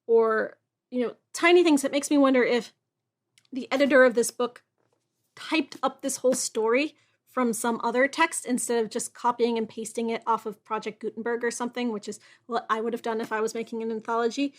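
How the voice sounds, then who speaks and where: A young woman with a high voice reads a Gothic tale aloud, then drops into chatty, musing asides. Her commentary is wry and casual, lively next to the steady reading. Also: moderate pace. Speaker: reader and host.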